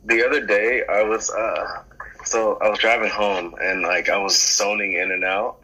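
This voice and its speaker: A man, co-hosting a podcast and telling rambling, animated stories in casual chat. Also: fairly low pitch, normal speed, husky, low-quality recording. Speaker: podcast co-host.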